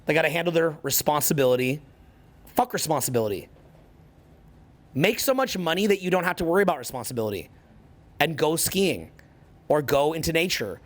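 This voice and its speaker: Man, 40s, motivational coach; slightly raised pitch, profane and relentless, repeats himself for emphasis. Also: big pitch swings, fairly quick, pauses often. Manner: profane, intense and emphatic, hammering points through repetition. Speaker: social skills coach. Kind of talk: motivational talk to an audience.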